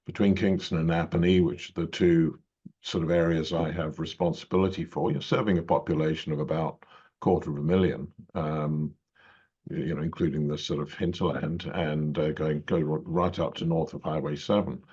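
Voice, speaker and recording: A man's voice: very deep voice, fairly even intonation, normal speed, a little mellow, husky. A middle-aged man with an English accent, a judge telling long stories in an interview, full of fillers and restarts. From England. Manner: rambling, many fillers and restarts. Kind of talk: conversational interview storytelling. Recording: dull lo-fi audio.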